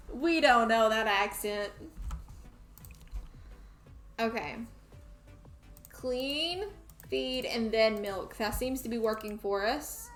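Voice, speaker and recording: Slow-talking young Southern woman streamer. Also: fairly high pitch, fairly bright tone. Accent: Tennessee Southern. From Tennessee, USA. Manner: chatty, talks to the game and chat. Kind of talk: casual gameplay chat. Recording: roomy echo, faint music.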